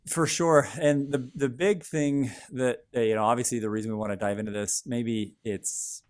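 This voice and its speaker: A man's voice: medium pitch, fairly even intonation, moderate pace, a little mellow. A man who works as a financial advisor, co-hosting a podcast in casual chat, rambling and stammering on his starts.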